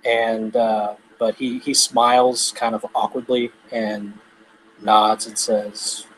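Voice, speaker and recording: A man's voice: on the low side, level tone, slow pace, a bit bright, a little hiss or hum, low-quality recording. A man playing a tabletop game, casually describing what his character does. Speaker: player.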